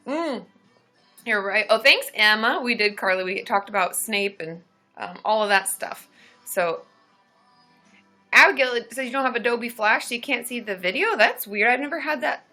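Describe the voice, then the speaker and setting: A woman in her thirties chatting casually on a live stream, greeting viewers by name and still groggy from waking up. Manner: chatty, greets viewers by name, loud high whooping cheers. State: just woken up, voice still groggy. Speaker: therapist hosting a live stream.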